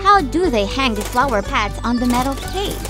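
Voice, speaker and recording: A woman's voice: fairly high pitch, big pitch swings, normal speed, over loud music. A woman narrating a children's toy story, asking playful questions as she tells it.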